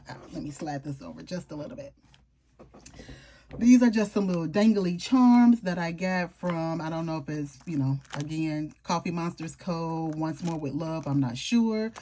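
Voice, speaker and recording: A woman's voice: sits low, lively intonation, normal speed, mellow, slight background noise. A woman chatting casually to her viewers as she flips through her planner, informal and talkative, with homey slang. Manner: chatty, informal, talks straight to viewers with southern-style slang. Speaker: planner vlogger. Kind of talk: casual show-and-tell chat.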